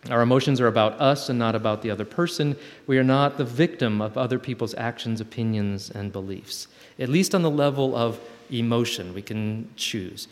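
A man's voice: mid-range voice, moderate pace, hardly any pauses. A man talking reflectively to a group, thoughtful and searching for words as he goes. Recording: long hall reverb.

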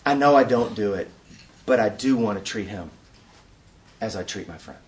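A man giving a preaching-style conference talk, an animated storyteller who acts out scenes and asks the audience rhetorical questions. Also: lowish voice, normal speed, distant mic, a little hiss or hum. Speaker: workshop speaker at a conference.

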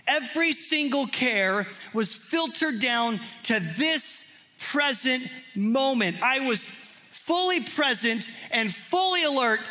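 High, bright-voiced male preacher. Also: expressive, takes it slowly. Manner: earnest storytelling, drops to hushed intimate tones. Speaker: pastor. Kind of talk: sermon.

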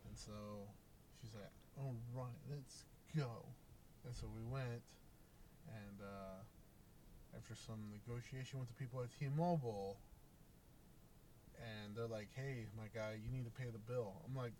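A man's voice: medium pitch, a little slow, pauses often, mellow, slight background noise. A young man on a casual podcast chat, telling a story and acting out both sides of the exchange, swearing freely. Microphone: podcast microphone.

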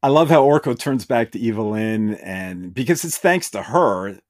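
A podcast host with a rather low, expressive, slightly mellow voice enthusiastically recaps an episode at a moderate pace. He retells scenes, briefly quoting characters now and then, in a dry, studio-quality recording.

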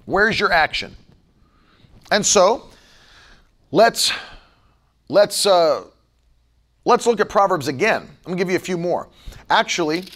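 A man's voice: high-pitched, pushed and bright. A man pastor preaching a sermon, emphatic and repetitive, firing off rhetorical questions.

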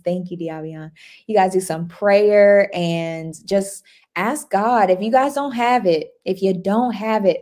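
Upbeat woman hosting a livestream. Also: mid-range voice. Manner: warm, upbeat, chatty, reads out viewer comments. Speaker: livestream host. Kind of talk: casual live-stream chat.

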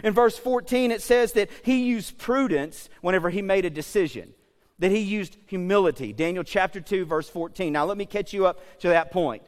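A male pastor preaching a sermon in a lively, conversational way, with joking asides and frequent checks like "okay?". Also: sits high, normal speed, in a large hall.

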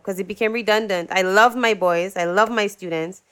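A young woman, a singer being interviewed, telling stories in a lively way and acting out what people said. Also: mid-range voice, normal speed, clean tone. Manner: animated storyteller, acts out quotes, laughs often. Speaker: guest, singer. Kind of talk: casual interview chat.

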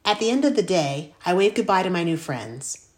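Low-pitched female audiobook reader, expressive first-person storytelling. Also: normal speed. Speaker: audiobook narrator. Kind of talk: scripted first-person narration.

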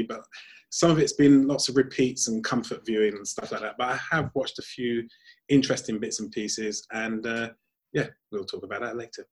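Husky, easygoing male producer. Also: mid-range voice, steady tone, normal speed. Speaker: radio show producer. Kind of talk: casual radio chat. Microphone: video call.

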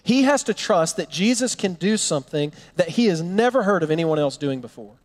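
A man preaching a sermon, telling a Bible story with animated storytelling and acting out the characters' lines. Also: high voice, a little fast, long reverb tail. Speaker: pastor.

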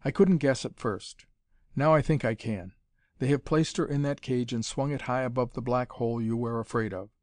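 Guy reading grim young adventurer, steady explaining, mid pitch, dry sound. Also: normal speed, no echo, close to an everyday voice.

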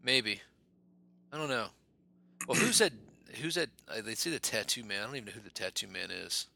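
A man's voice: lowish voice, lively intonation, brisk, gravelly, bright, forceful tone. A man co-hosting a podcast in casual movie chat, rambling loosely and swearing in passing. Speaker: podcast co-host.

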